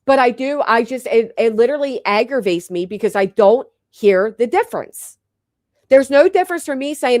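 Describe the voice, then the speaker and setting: This livestream host is a woman whose voice is on the high side, animated, and somewhat dark, at a normal pace. She chats casually with viewers, joking bluntly and swearing freely in a local American accent that drops the final g, recorded dry and clean in a studio.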